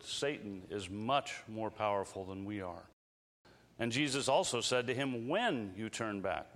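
A man's voice: medium pitch, fairly bright tone. Earnest male preacher in a reverberant hall. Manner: earnest, measured preaching with slow emphatic phrases. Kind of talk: sermon. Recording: long reverb of a large hall.

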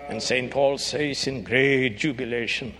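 A man preaching a sermon, emphatic and rising to shouts on key phrases. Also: medium pitch, steady tone, unhurried.

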